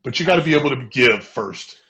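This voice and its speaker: A man with a gravelly edge to his voice tells a story on a casual business chat show. His delivery is earnest and heartfelt, and he often repeats words as he goes. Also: mid-range voice, animated, quick pace, pushed and bright. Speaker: co-host.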